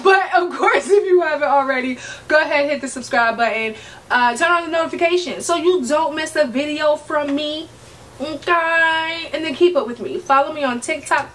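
A woman's voice: high-pitched, fairly bright tone, distant mic, a little hiss or hum, low-quality recording. Sassy, chatty woman vlogger. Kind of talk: casual chat to camera.

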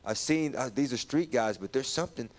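Man, mid-pitch, giving a halting testimony, repeats himself, lifts his voice when moved. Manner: halting, repeats words, rises when stirred. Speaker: guest sharing testimony. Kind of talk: personal testimony in church talk.

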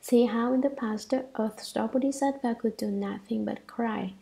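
A woman reads a scripture commentary aloud in a measured, earnest way. Her voice has a gravelly fry and a mellow, dark tone. She keeps the steady cadence of a lecture. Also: on the high side, poor audio. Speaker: dharma lecture reader. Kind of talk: reading a translated scripture commentary.

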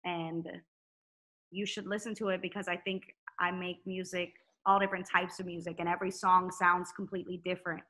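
A woman with a bright, crisp voice talks as a podcast guest. She speaks frankly and with energy and swears casually. She sounds open and unguarded. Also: on the low side, brisk. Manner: candid, animated, swears freely. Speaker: singer-songwriter guest. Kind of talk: casual chat.

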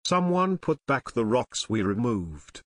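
A man's voice: medium pitch, sing-song, measured pace, no room sound. A man voicing a bold teenage boy detective who speaks with urgency, in an audiobook reading. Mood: urgent. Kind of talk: audiobook narration.

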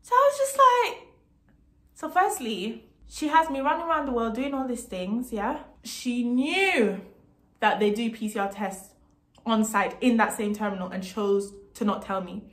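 Animated, indignant young woman storyteller. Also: fairly high pitch, a little slow. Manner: indignant, animated, swears freely. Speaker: vlogger telling a story. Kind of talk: casual storytime monologue. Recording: roomy echo.

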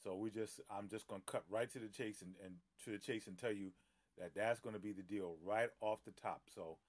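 A man's voice: fairly low pitch, fairly even intonation, a little fast. A middle-aged man, a pastor, chatting casually on a phone live stream, greeting viewers by name with many fillers and easy laughs. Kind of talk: casual live-stream chat before a Bible teaching.

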